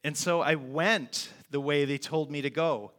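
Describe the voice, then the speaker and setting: A man's voice: fairly high pitch, steady tone, a bit bright. A man preaching a sermon, telling a personal story in an earnest, heartfelt way. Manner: earnest, heartfelt, slow and deliberate.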